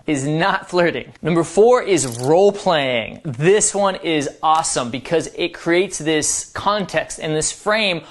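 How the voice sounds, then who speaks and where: A man giving dating advice as a coach, explaining in a playful, upbeat way. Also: high voice. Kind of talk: instructional talk to camera.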